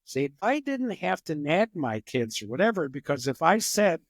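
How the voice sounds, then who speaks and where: An older man, a psychologist guest on a podcast, explaining parenting with lively acted-out examples. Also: on the high side, normal speed, hardly any pauses, dry recording. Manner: animated storyteller who acts out examples. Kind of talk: podcast interview.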